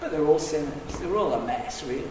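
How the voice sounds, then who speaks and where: A man preaching a sermon, swinging between hushed asides and loud, emphatic declarations. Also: on the high side, animated, fast, noisy background. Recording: echoey hall, distant mic.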